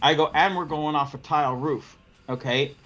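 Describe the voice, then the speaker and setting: A man hosting a casual podcast, telling a work story in an animated way and acting out the dialogue. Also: a little high, normal speed, dull audio. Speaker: podcast host, window cleaning business owner.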